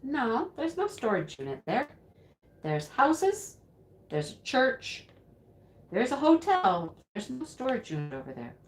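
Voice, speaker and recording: A woman voicing a weary, blunt rideshare driver who talks in a flat, dismissive way. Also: a little high, a little slow, reverberant, slight background noise. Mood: exasperated.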